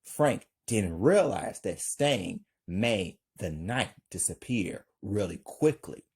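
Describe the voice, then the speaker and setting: A man with a husky voice slowly reading his own action script aloud, stage directions included. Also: lowish voice, lively intonation, a little mellow. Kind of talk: amateur script read-aloud.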